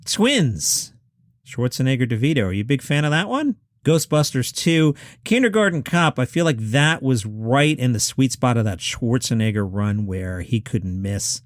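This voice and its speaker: In a dry, clean studio-sounding recording, a man in his fifties hosts a solo podcast at home. His mid-range voice moves through big pitch swings as he chats wryly through lists of films with quick asides.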